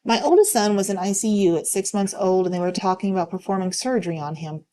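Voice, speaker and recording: A woman reading online stories aloud in a calm, steady way. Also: medium pitch, fast talker. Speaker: narrator reading online posts.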